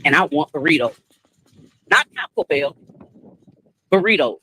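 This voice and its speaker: A woman's voice: low voice, lively intonation, a little slow, pushed and bright, husky, low-quality recording. A woman chatting casually on a live stream, talking straight to her viewers and laughing often, first at a shop checkout and then at home.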